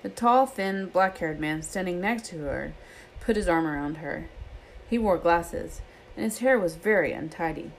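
A woman with a somewhat low voice reads a novel aloud. Her narration is expressive and storylike, with a faint background hiss. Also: moderate pace, poor audio. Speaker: reader.

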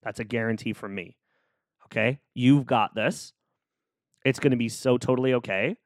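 A man's voice: mid-range voice, normal speed, no echo, clean studio sound. A man hosting a solo podcast, talking casually and cheering the listener on in a playful, upbeat way. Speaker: podcast host. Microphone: close studio microphone.

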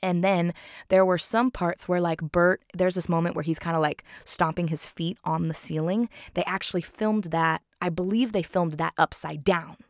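A woman's voice: on the low side, fairly even intonation, normal speed, dry recording, clean studio sound. A woman casually retelling a film scene by scene, chatty and giggling often.

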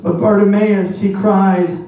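A man's voice: sits high, little pitch movement, slow pace, highs cut off. A man preaching a sermon with impassioned, repetitive exhortation. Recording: echoey hall from far off.

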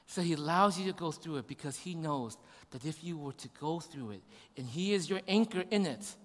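A man's voice: fairly high pitch, lively intonation, a little fast. Man preaching in a reverberant hall. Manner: conversational preaching with rhetorical questions. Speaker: pastor. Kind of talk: sermon.

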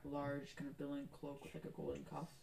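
Woman game master, low gravelly voice, halting descriptive narration. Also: completely flat delivery, noisy background.

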